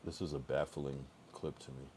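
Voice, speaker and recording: A man's voice: extremely low pitch, flat delivery, normal speed, a little mellow, slight background noise. A man streaming live, chatting casually and rambling through his thoughts with many restarts.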